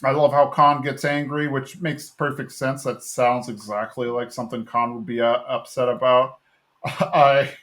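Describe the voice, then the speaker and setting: A man's voice: medium pitch, fairly even intonation, measured pace, a bit bright. A man co-hosting a podcast, casually retelling a cartoon episode in a rambling way and briefly acting out the characters' lines. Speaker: podcast co-host recapping an episode. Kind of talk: casual chat.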